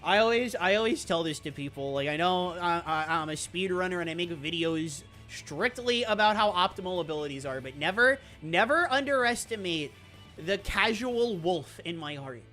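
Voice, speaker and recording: A speedrunner giving excitable, rambling commentary over gameplay, with quick laughs and self-interruptions. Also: medium pitch, soft background music. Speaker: speedrunner streamer.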